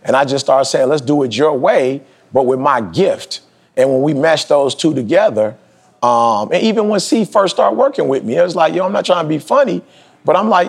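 Podcast host, man in his forties: husky, fired-up motivational speaker, street slang, climbs high when he hammers a point. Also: expressive, a little fast. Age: 40s. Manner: emphatic, preachy, slangy street talk, pitch jumps high for emphasis. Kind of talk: motivational talk.

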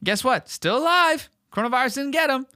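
A young man hosting a podcast, telling crude, animated stories in casual chat, swearing freely and acting out other people's voices. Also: very high-pitched, fairly quick, clean tone, no room sound, clean studio sound. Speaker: podcast host.

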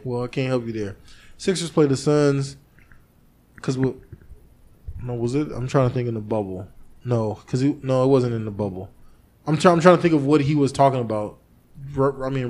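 A man hosting a podcast in casual chat, telling a story with lively energy, acting out what he and others said, and swearing freely. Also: medium pitch. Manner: animated storytelling, acting out his own past lines, swearing freely. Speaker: podcast host.

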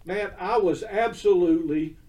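A man's voice: high-pitched, normal speed, dark tone, recorded from a distance. Earnest older man, set back from mic. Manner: earnest, emotional, repeats himself, asks listener "okay?". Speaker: guest. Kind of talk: interview storytelling.

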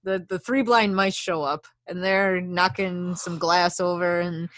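A woman's voice: lowish voice, fairly even intonation, unhurried, a bit bright, no echo. Rambling woman retelling a film. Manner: rambling storyteller, acts out lines, frequent fillers. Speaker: podcast co-host. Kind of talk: casual film recap chat.

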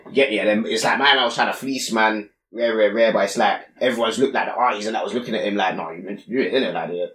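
A young man, co-hosting a podcast and telling stories in animated slang. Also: on the low side, fast. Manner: animated slang-heavy storytelling, repeats "exactly". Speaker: podcast co-host. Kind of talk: casual chat. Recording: echoey room, voice a bit off-mic.

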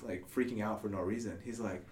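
A young man co-hosting a podcast, relaxed and laughing often as he tells a story with casual swearing. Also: on the low side, a little fast, slight background noise. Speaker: podcast co-host.

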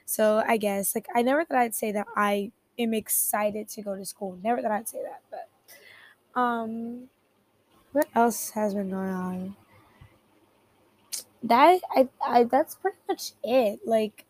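A teenage girl with a slightly high voice hosts a podcast from her bedroom, talking through headphones at her computer. Her casual chat rambles and wanders, broken up by giggles and quick self-corrections. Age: teens. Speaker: podcast host. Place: bedroom at home. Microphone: headphones at a computer keyboard.

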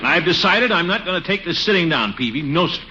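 An actor playing a pompous, quick-tempered middle-aged town official in a 1940s radio comedy, full of indignant bluster. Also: male voice, fairly high pitch, expressive, bright, forceful tone. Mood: grumbling. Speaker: town water commissioner. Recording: dull noisy old radio recording.

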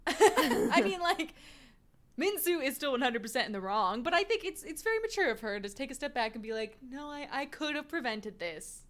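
Animated woman chatting in a recap. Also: high-pitched. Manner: animated, chatty, quick to laugh. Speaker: podcast co-host. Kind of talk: casual recap chat.

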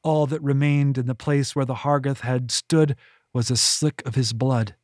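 A man narrating his own fantasy novel as an audiobook, measured and unhurried, on a close mic. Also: mid-range voice, fairly even intonation, no room sound. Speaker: author and narrator.

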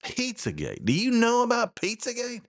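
Brief: low-pitched male talk-show host, loose rambling delivery, dry close mic. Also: lively intonation, moderate pace, a bit bright, no room sound. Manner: rambling, repeats himself, laughs at the news. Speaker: podcast host. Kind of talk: casual solo commentary.

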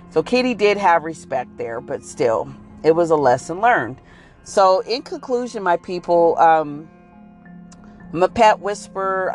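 Woman doing a comedy bit about pets, casual and preachy, faint music behind. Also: fairly low pitch. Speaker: comedic storyteller, self-styled pet whisperer. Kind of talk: comedic monologue.

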